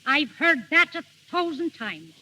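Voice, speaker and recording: A woman's voice: high voice, lively intonation, measured pace, pushed and bright, exaggerated voice, low-quality recording. An actress playing a strict, scolding older mother in a 1940s radio drama. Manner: scolding, dismissive.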